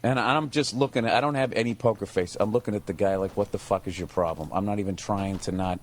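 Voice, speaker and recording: A man's voice: fairly low pitch, fast, slight background noise. Profane man telling a story. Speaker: comedian. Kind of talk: storytelling over gameplay. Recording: game gunfire behind voice.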